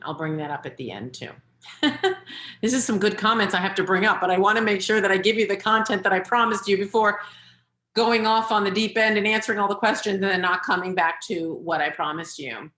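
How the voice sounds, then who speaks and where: A middle-aged woman coach talks parents through advice in an earnest, advising way. Her voice sits fairly low. The webinar mic picks up an echoey room around her. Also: a bit bright. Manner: earnest, advising, shifting between quick and slow deliberate delivery. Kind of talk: webinar talk.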